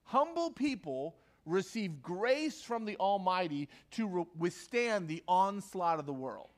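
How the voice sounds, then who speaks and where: Speaking a little slowly, a very animated pastor with a high voice preaches a conversational sermon to a live church-hall audience. He repeats key lines for emphasis and gives the quoted figures their own acted voices.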